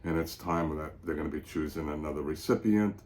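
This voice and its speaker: A man's voice: rumbling low, fairly quick, a little mellow. An older man with a New York accent, co-hosting a travel vlog with short, joking remarks. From Long Island, New York, USA. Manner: brief interjections, joking. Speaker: vlog co-host. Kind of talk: casual travel vlog chat.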